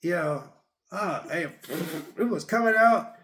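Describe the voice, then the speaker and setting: A man's voice: sits high, animated, a little slow, a bit bright. A man giving a casual, rambling movie review, retelling scenes with lots of repeats and fillers.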